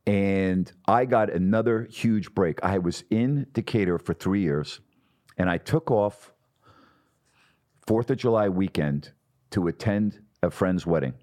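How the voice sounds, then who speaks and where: A middle-aged man tells stories from his broadcasting career in a fairly low voice. He talks with animation and slips into the voices of people he quotes. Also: a little slow. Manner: animated storyteller, acts out quotes. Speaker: guest, sports broadcaster. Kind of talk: storytelling in a podcast interview.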